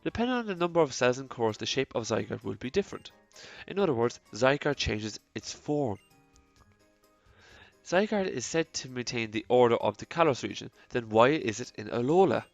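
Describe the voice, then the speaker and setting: A man reading game characters aloud in a mock French accent, quiet and halting with stumbles. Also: medium pitch, animated, creaky, no room sound, dull audio, soft background music.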